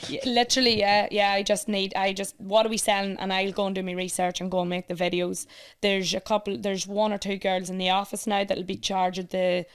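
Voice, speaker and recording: An Irish woman talking as a podcast guest about running a competition page, chatty and animated, laughing often. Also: medium pitch, fairly quick, clear, resonant tone. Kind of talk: casual chat.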